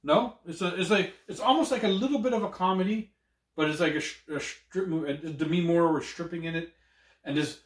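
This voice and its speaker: A man co-hosting a casual chat, excitable and profane, laughing often. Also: a little high, roomy sound. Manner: animated, swears a lot, quick to laugh. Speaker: podcast co-host.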